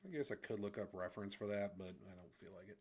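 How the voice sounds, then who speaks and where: A man's voice: on the low side, quick pace, a little mellow, breathy edge. Casting: a male art streamer, offhand and thinking aloud, who mutters when he is focused. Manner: rambling, self-deprecating, thinks aloud. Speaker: livestreamer drawing comics. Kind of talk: casual chat while drawing.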